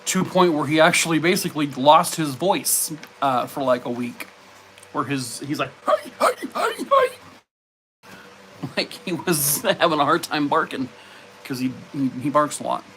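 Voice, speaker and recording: During a casual live stream, a man chats with viewers, rambling with many fillers and breaking off to talk to his dogs at home. His voice is fairly high and fairly bright at a normal pace, with a little hiss or hum.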